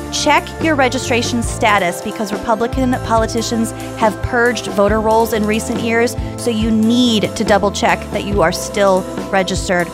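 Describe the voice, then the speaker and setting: A woman co-hosting a chatty podcast, earnest and emphatic, quick to laugh. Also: a little high. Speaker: podcast co-host. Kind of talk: casual chat and read-out plug.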